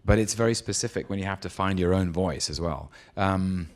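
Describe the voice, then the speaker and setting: A man's voice: low voice, brisk. A man, an actor being interviewed, telling stories and giving advice in a thoughtful, hesitant way with frequent ums and easy laughter. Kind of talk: relaxed anecdote and advice in an on-stage interview.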